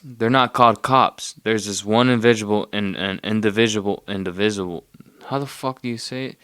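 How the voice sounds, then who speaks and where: Low-voiced male podcast host with a smooth tone, dry close sound, and casual profane rambling. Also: fairly bright tone, no room sound. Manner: loose, profane, loses his train of thought.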